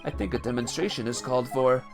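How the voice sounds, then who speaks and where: A man voicing a courteous, self-assured Irish gentleman in a game, with old-fashioned turns of speech. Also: medium pitch, steady tone, fast talker, over music, lightly acted. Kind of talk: reading game dialogue aloud.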